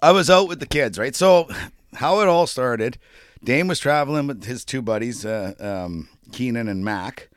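A man tells a rowdy travel story on a podcast, swearing freely and swinging his voice up and down. His voice sits at a middle pitch. The sound is dry and close. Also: normal speed, dry recording. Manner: profane, animated storytelling. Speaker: podcast co-host. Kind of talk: casual chat.

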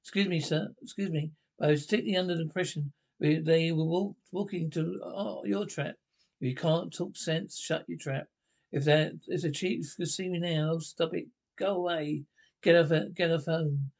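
A man with a gravelly voice speaking fussy, flustered dialogue in a 1970s period film comedy. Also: on the high side, fairly even intonation, moderate pace, a little mellow.

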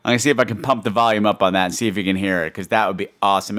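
A man's voice: fairly low pitch, very fast, hardly any pauses, a bit bright. A man hosting his own podcast in casual chat, campy and teasing, scolding his listeners in a mock-stern way. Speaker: podcast host. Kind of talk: casual solo podcast talk.

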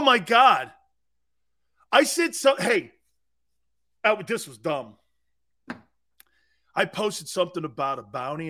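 A middle-aged man hosting a sports talk show, loud and boisterous, laughing often and mocking people in impressions. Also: a little high, creaky.

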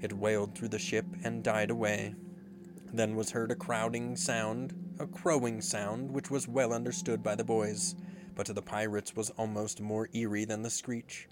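Low-voiced male storyteller with music. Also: level tone, moderate pace. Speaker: audiobook narrator. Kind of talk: storytelling narration. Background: background music.

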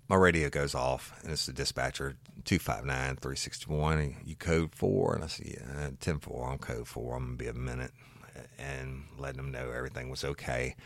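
Man with a very low voice, recounting a police call with animated, salty storytelling, dry close mic. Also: moderate pace, creaky, dry recording. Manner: animated, swears, growing louder in retelling. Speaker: former police officer telling a story. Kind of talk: casual storytelling.

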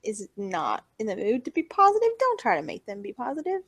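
A woman co-hosting a casual chat, giggly and quick to gush with affection. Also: a little high, wildly swooping pitch, a bit bright, no room sound. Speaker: podcast co-host.

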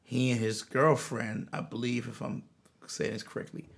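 A man guest telling a long personal story in an interview, earnest and animated, often restarting his sentences. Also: mid-range voice, moderate pace, gravelly, slightly rough. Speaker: musician guest.

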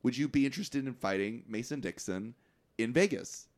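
Podcast co-host, male, lively swinging pitch, casual profane storyteller who mimics characters. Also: moderate pace. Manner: animated storyteller, acts out movie lines, swears freely. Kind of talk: casual movie recap chat.

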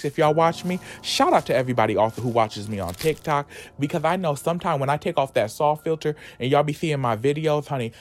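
A man hosting a podcast, retelling a horror story in a sassy, slangy, campy comedic way. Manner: sassy, animated, slangy storytelling with lively swoops in pitch. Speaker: podcast host retelling a comic book story. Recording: music playing under the voice. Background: background music.

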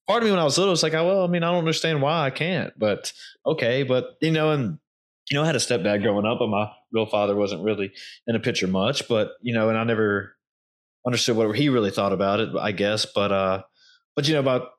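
A man's voice: lowish voice, fast talker. A man hosting a casual conversation, talking loosely and swearing now and then.

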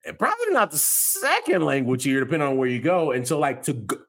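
A young adult man co-hosting a casual podcast, animated, laughing often and acting out the people he quotes. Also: fairly high pitch, fast talker. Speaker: podcast co-host. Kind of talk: casual chat.

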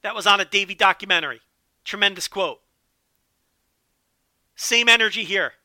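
A man's voice: sits high, normal speed, long pauses, pushed and bright, no echo. A man giving a casual wrestling recap, enthusiastic and profane, riffing with jokes. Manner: enthusiastic, profane, joking riffs. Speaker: wrestling show commentator.

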